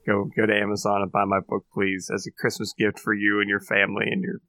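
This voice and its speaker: A man who is an author, a guest on a podcast, plugging his work in a quick, halting way. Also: lowish voice, monotone, pushed and bright, dry recording. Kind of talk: casual podcast chat.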